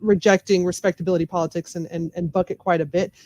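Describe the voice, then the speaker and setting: A woman's voice: on the low side, fairly even intonation, fast, few pauses, darkish tone, dry recording. A woman with a thick Southern US accent talking candidly and emphatically as a podcast guest. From Memphis, USA. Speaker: podcast guest, lawyer and comedian. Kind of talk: casual interview talk.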